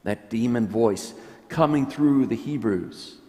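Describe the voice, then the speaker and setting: A man preaching a homily as a priest, slow and reflective, pausing and restarting as he thinks aloud. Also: medium pitch, a little mellow. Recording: long church reverb.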